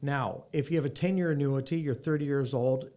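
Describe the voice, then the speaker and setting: A man's voice: medium pitch, fairly quick. Pumped-up guy hosting a sales podcast, chatty and joking. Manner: energetic, upbeat, joking. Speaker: podcast host, annuity sales coach. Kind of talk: casual podcast chat.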